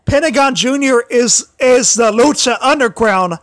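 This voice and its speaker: Male livestream host, high-pitched, throat worn and tired, stumbles and repeats himself; dry, close recording. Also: a bit bright, no room sound. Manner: halting, many restarts and repeated phrases. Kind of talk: casual solo livestream commentary.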